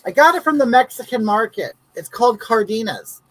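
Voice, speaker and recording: A woman's voice: a little high, lively intonation, a little fast, low-quality recording. A woman hosting a comedic live stream, chatting in a campy way and greeting viewers by name.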